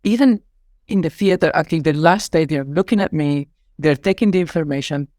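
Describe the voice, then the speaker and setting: A man's voice: fairly high pitch, a little fast, a little mellow, no room sound, clean studio sound. A middle-aged man with a Spanish accent, answering interview questions in an effusive, rambling way with many fillers. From Spain. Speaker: artistic director and choreographer.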